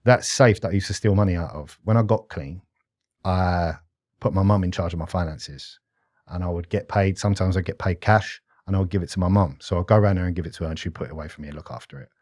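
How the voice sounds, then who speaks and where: British guy in his 30s, blunt candid talker, deep, dry mic. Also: quick pace, darkish tone, dry recording. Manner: blunt and candid, often says mate. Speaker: podcast guest. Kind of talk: candid conversation.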